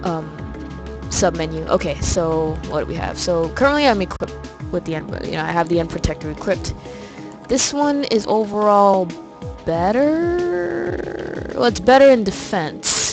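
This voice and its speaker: A woman's voice: medium pitch, big pitch swings, a little slow, creaky, music in the background, low-quality recording. A young woman from New York with a New York accent, rambling through casual let's play commentary in a chatty, self-deprecating way.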